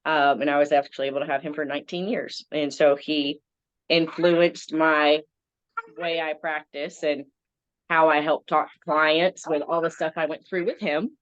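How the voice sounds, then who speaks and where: A woman in her thirties from the Southern United States, with a matching accent, chats as a veterinarian guest in a casual interview, dropping lots of ums. Her voice is deep and steady at a normal speed, and the recording is dry and dull.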